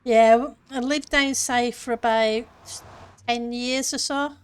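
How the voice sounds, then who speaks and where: Woman, streamer, casual chat, slow easy pace, bit high voice. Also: steady tone, clear, resonant tone. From northern part of her country. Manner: chatty, reads and answers chat while playing. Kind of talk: casual live-stream chat while gaming.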